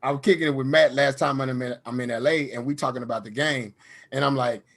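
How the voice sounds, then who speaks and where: A man's voice: mid-range voice, fairly even intonation, fairly quick. A man with a Southern US accent hosting a casual comedy podcast chat, telling stories loosely with lots of fillers and restarts. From American South. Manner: laid-back storytelling with frequent fillers and restarts. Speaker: comedian host.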